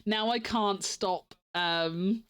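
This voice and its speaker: A woman's voice: medium pitch, drawn-out words, a bit bright, clean tone. A sleepy woman streamer chatting casually, giggling often and rambling with many restarts. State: sleepy, yawning. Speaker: live streamer.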